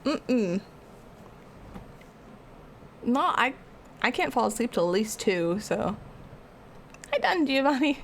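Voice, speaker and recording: A woman's voice: on the high side, big pitch swings, slow pace, pauses often, a little hiss or hum. A young woman art streamer rambling casually as she answers her live chat.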